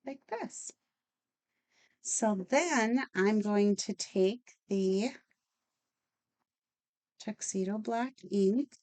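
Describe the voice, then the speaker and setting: A woman's voice: mid-range voice, warm tone. A woman hosting a casual card-making tutorial, chatty and enthusiastic as she works. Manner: chatty, enthusiastic, talks while working. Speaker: craft channel host.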